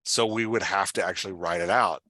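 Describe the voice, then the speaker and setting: A man hosting a podcast, explaining with excited, fast-flowing talk in a casual discussion. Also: deep voice, dry recording. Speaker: podcast host.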